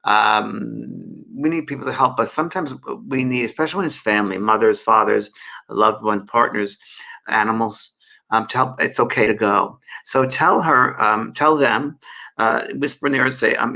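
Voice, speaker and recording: Gravelly bright-voiced male medium. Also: on the low side, normal speed. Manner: gentle, rambling, answers viewer questions with many fillers. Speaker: spiritual medium and host. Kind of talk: live online Q&A and guidance.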